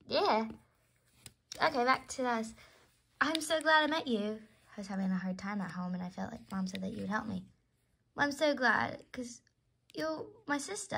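Woman voicing all the parts in a casual doll role-play, high and bright, chatty. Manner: chatty, switches between character voices.

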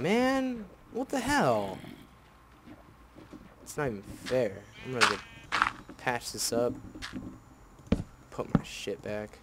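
Slow-talking grumbly gamer guy. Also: mid-range voice, heavy background noise. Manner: grumbling, easily annoyed, swears. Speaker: let's play host. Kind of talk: casual gameplay commentary.

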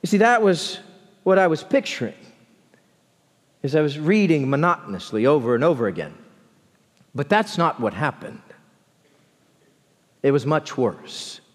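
Animated preacher in a reverberant church. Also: male voice. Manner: expressive preaching, dropping low and slow for emphasis. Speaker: pastor. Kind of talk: sermon. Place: large church sanctuary. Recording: long church hall reverb.

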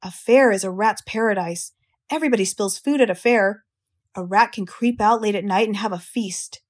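A woman's voice: medium pitch, moderate pace, lightly acted. A woman doing a knowing old sheep. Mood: relishing.

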